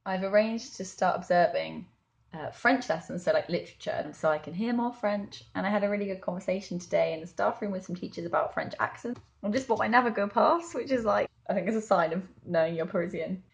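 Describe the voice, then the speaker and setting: A young woman with a mid-range, brisk, creaky voice chats candidly in a video diary about her weeks abroad, where she works as a language assistant. She laughs now and then and leans heavily on "like" and "um."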